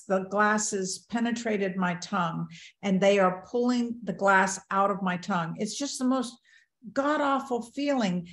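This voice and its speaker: Older woman telling a vivid personal story. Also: medium pitch. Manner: vivid first-person storytelling, acting out her own thoughts. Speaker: near-death experience speaker. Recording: roomy echo.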